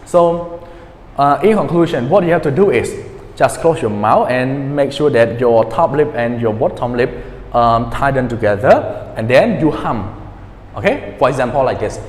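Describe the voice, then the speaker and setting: A man's voice: medium pitch, animated. A male teacher in a pronunciation lesson, patiently repeating words and checking in with his students. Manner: patient, repeats words slowly, many fillers and checks like "okay?". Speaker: English teacher. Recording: echoey room with long reverb.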